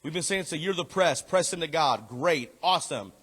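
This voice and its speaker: A male pastor preaching a sermon, emphatic and repeating key phrases, and at times dropping low and soft for tender appeals. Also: lively intonation, brisk, slightly rough. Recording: echoey hall.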